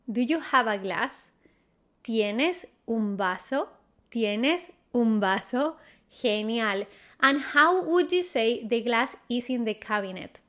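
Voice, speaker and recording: A woman teaching a vocabulary lesson, repeating each word slowly and quizzing the listener in a patient, encouraging way. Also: a little high, fairly bright tone. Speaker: Spanish teacher. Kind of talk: slow, clear vocabulary lesson.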